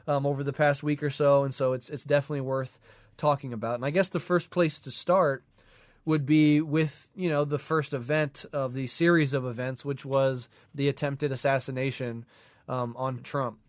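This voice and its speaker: A man's voice: mid-range voice, steady tone, normal speed, dry recording, clean studio sound. A man co-hosting a podcast in a casual political discussion, congested from a cold, talking in a loose, rambling way with many fillers. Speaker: podcast co-host.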